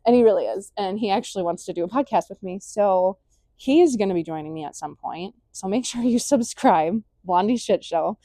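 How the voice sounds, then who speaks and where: A woman's voice: mid-range voice, normal speed, warm tone, dry recording, studio quality. Blunt, swearing young woman ranting. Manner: blunt, heavy swearing, emphatic. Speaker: vlogger. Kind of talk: casual rant to camera.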